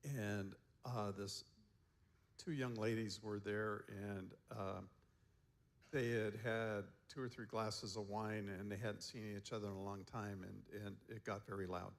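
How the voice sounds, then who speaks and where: A man's voice: on the low side, unhurried, gravelly. Chuckling male seminar storyteller. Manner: relaxed anecdotal telling, chuckling often. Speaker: seminar presenter and counselor. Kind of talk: storytelling talk to a seminar group.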